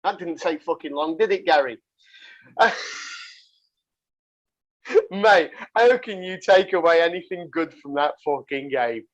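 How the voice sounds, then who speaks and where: A man's voice: on the high side, unhurried, long pauses, muffled recording. A man hosting a casual rugby podcast, rambling through stories with laughs and swearing. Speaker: podcast host.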